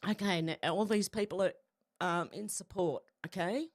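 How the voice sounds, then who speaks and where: A woman's voice: mid-range voice, moderate pace, dry recording, clean studio sound. A woman hosting a casual live stream, greeting viewers and talking with feeling. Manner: emotional, breaks into soft singing.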